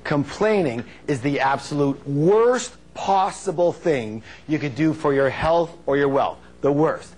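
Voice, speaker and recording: A man giving a live motivational seminar on stage, energetic and playful, drawing call-and-response answers from the audience. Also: unhurried, hardly any pauses. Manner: playful, acts out quotes in high silly voices.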